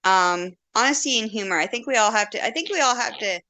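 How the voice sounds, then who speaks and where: Blunt, animated woman telling stories. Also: on the high side, fast talker. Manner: animated, acts out quotes, laughs often; blunt and candid. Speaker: podcast guest. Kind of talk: casual storytelling chat.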